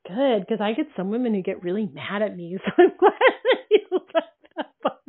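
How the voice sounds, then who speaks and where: Woman host, circle facilitator, candid and animated, swears, tinny phone sound. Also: mid-range voice, brisk. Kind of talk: casual conversation.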